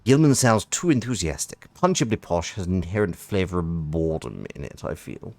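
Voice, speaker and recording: A man's voice: low voice, very animated, brisk, darkish tone, no echo. A man, chatting wryly while streaming a game and reading its text aloud, often interrupting himself. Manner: chatty, self-interrupting, wry. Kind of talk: casual live-stream commentary and reading. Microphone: close desk microphone.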